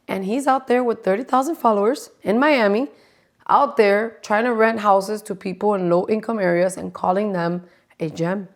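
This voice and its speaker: A woman in her forties hosting a podcast, ranting casually with lots of swearing and sarcasm. She talks straight to her listeners and often drops into stage whispers. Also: mid-range voice. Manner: profane and exasperated, dropping into stage whispers; sarcastic, addresses the audience directly. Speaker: podcast host.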